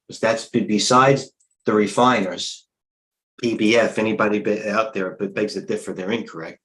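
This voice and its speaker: A man's voice: lowish voice, steady tone, normal speed, fairly bright tone, rough recording. A middle-aged man hosting a live trading stream, thinking aloud as he rambles bluntly through stock charts. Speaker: trading coach and livestream host. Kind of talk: live market commentary.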